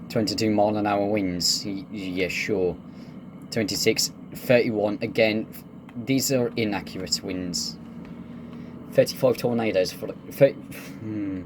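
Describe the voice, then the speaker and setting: A man's voice: lowish voice, slow, noisy background. A man giving casual, joking gameplay commentary, laid-back and swearing freely. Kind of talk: casual let's-play commentary.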